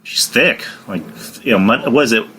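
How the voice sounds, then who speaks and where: A man's voice: medium pitch, moderate pace, bright, forceful tone, a little hiss or hum. A man hosting a casual wrestling podcast, rambling with lots of fillers and laughing often. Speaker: podcast host.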